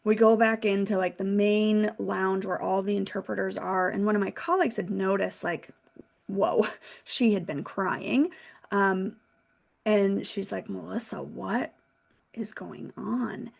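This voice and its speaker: A woman in her thirties, a financial consultant guest, telling a candid, animated personal story in a casual interview. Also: mid-range voice, unhurried, vocal fry.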